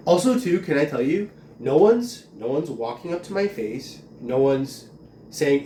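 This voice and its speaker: A man's voice: mid-range voice, very animated, a little slow, mellow, a little hiss or hum. A man in a profane, agitated, rambling rant, filling his talk with "like". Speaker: vlogger. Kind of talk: ranting monologue. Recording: roomy, distant from mic, faint ambience.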